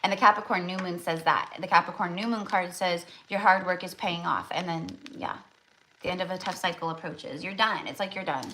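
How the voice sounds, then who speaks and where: A woman's voice: fairly low pitch, fairly quick, sharp tone, slight background noise, poor audio. A woman doing a casual tarot reading for her viewers, rambling with lots of "like" and restarts. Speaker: tarot reader.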